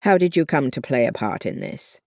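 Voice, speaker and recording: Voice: mid-range voice, expressive, moderate pace, darkish tone, no echo, natural voice. An audiobook narrator voicing a stern, protective young man who speaks in clipped phrases, in a dry, close recording.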